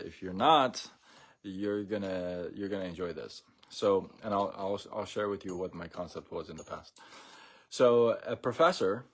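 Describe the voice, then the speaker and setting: A man hosting a casual live stream, talking in a relaxed, rambling way with many fillers and restarts. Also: on the low side.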